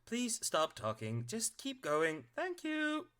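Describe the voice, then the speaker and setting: A man voicing a tiny, polite male robot automaton in a high, robotic voice. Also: huge pitch swings, slow pace, pushed and bright, smooth, exaggerated voice. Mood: chirpy polite. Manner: politely chirpy.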